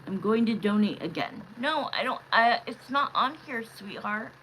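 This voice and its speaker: A woman reading tarot on a live stream, chatting casually with viewers, calling them love and honey, with sudden loud excited bursts. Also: a little high, moderate pace, slight background noise, low-quality recording. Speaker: livestream tarot reader.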